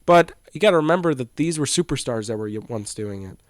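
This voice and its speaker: A man's voice: medium pitch, lively intonation, fast talker, dry recording, studio quality. A man co-hosting a casual sports podcast, chatty and leading the segments. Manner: chatty, leads segments, laughs often. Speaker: podcast co-host.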